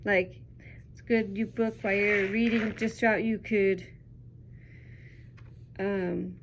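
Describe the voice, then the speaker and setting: A woman's voice: mid-range voice, fairly even intonation, slow pace, noisy background. A young woman teacher chatting casually through a children's book review, upbeat and full of ums.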